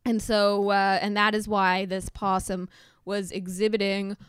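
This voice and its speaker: A woman with a smooth, clear voice talks slowly and easily as a podcast co-host. Her sound is dry and close, and she laughs readily while relaying quirky news. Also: medium pitch, flat delivery, no echo. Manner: easygoing, laughs often, reads news items slowly. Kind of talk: casual chat.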